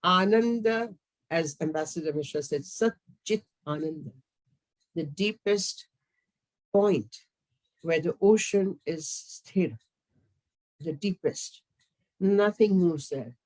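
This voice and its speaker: A woman from India with an Indian accent, giving a formal lecture as a classical dancer, with emphatic delivery and sweeping swings in pitch. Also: expressive, takes it slowly, long pauses, darkish tone, poor audio.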